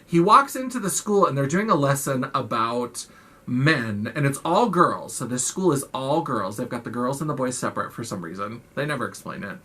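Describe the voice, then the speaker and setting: A woman's voice: very deep voice, lively intonation, normal speed, pushed and bright, husky. A woman casually recapping a horror film in a chatty, profane way, full of "like". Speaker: film review vlogger.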